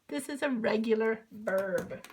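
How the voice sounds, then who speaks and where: A woman teaching English verbs to children, with patient, slow explanations that drill each verb form through a list of pronouns. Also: a little high, a little mellow, low-quality recording.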